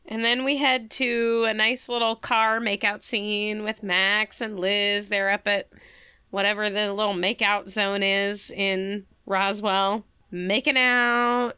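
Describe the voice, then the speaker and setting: A woman's voice: medium pitch, little pitch movement, slow pace, sharp tone, smooth, dry recording. A woman co-hosting a casual TV recap podcast, dry and wry in her comments. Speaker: podcast co-host.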